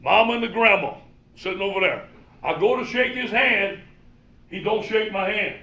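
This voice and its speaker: A man with a Cajun accent, a football coach telling animated motivational stories and acting out the dialogue. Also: sits high, moderate pace. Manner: animated, acts out quoted dialogue. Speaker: football coach giving a presentation. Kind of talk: motivational storytelling talk. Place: presentation room. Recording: roomy hall, mic from far off.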